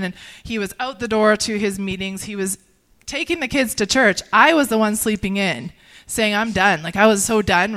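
Woman, earnest, halting speech, frequent restarts, smooth clear tone, mid-range pitch, personal testimony. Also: fairly bright tone. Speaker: guest sharing a personal testimony.

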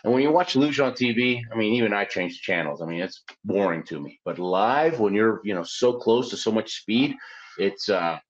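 A man, a former Olympic luge athlete, telling his story in a lively, conversational way, often checking in with his listeners. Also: on the low side, normal speed. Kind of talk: storytelling in an interview. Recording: dull lo-fi sound.

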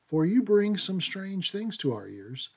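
Very husky man reading scripture. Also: high voice, sing-song, measured pace, a little mellow. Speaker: co-host. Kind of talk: scripture reading and radio co-hosting.

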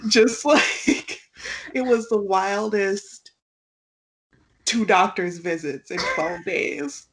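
A young woman co-hosting a podcast in casual chat, telling stories with lively acted-out quotes and frequent laughter. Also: medium pitch, extremely slow, pauses often. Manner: animated storyteller, acts out quotes, laughs often. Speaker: podcast co-host.

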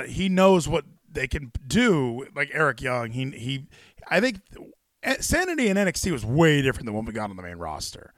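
A man hosting a casual wrestling chat podcast, animated and rambling, swearing freely and restarting his sentences. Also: medium pitch, dry recording, clean studio sound. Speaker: podcast host.

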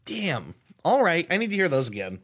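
A woman's voice: on the low side, sing-song, fairly quick. A woman co-hosting and playing a guessing game in casual banter, joking with dry self-mockery. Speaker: co-host and contestant.

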